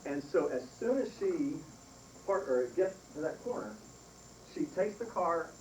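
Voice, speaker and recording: A man's voice: on the high side, unhurried. A middle-aged man giving a eulogy for his mother, telling a funny family story with lots of laughter. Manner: animated storytelling with frequent laughs. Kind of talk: humorous storytelling at a funeral. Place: funeral service hall. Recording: echoey room from far off, noisy.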